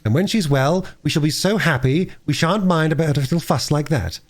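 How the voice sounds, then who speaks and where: A man's voice: a little high, fairly quick, voice pushed up, natural voice. A man voicing an eager young girl. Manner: bright, eager girlish talk.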